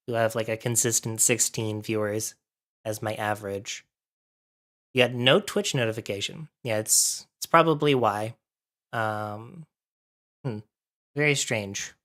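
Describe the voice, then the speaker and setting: A livestreamer with a mid-range, fairly bright voice chats casually with viewers while setting up, thinking out loud and sounding slightly out of breath from allergies.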